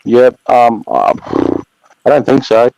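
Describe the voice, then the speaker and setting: A man's voice: mid-range voice, very animated, slow pace, creaky, darkish tone, dry recording, low-quality recording. An Australian man and former soldier talking in a casual online panel, swearing freely and calling people mate.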